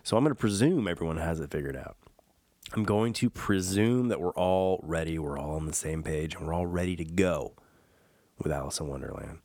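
A man's voice: low-pitched, expressive, a little fast, darkish tone, no echo, studio quality. A man hosting a podcast in a casual, rambling way, full of fillers and self-mocking jokes. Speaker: podcast host. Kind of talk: casual solo podcast chat.

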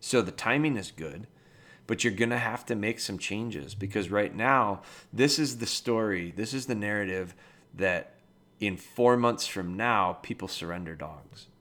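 Calm low-voiced man giving dog advice. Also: a little slow. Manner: relaxed, plainspoken, calm and matter-of-fact. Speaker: dog trainer podcast host. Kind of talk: casual advice talk.

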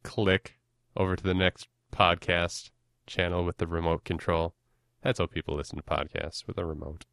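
A man's voice: low voice, flat delivery, normal speed, gravelly, a bit bright, no echo, studio quality. A young man hosting a podcast in casual, self-deprecating chat, rambling and often laughing. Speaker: podcast host.

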